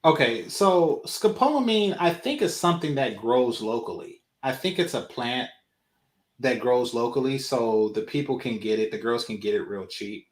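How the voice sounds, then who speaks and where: A man's voice: medium pitch, lively intonation, normal speed. A man co-hosting a casual reaction chat, talking loosely with many fillers. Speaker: co-host. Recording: roomy echo.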